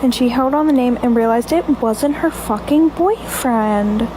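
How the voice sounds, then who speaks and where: A young woman with a high voice tells personal stories in a casual story-time format. She is candid and blunt and swears without hesitation. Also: unhurried, background noise.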